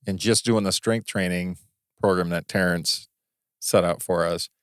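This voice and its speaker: Low-voiced man telling a rambling story. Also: steady tone, smooth, no echo, clean studio sound. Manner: rambling, halting storyteller with many restarts. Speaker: podcast co-host. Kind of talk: casual chat.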